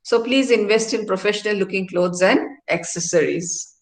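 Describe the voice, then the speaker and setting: A middle-aged woman professor speaks at a moderate pace in a mid-range voice, lecturing a class in a university activity centre hall with roomy echo. She explains things and keeps checking in with tag questions like "no?" and "all right?".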